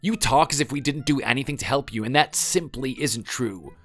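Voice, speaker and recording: A man's voice: medium pitch, brisk, fairly bright tone, soft background music, lightly acted. A man voicing a defensive husband clinging to his marriage, in a pleading, insistent manner. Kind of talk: scripted dialogue drama.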